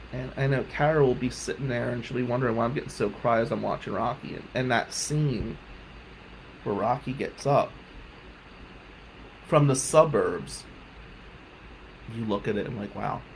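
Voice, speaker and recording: A man telling a personal story on his podcast, heartfelt, moving between loud emphasis and quiet reflection. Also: mid-range voice, vocal fry, slight background noise, poor audio. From South Jersey. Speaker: podcast host.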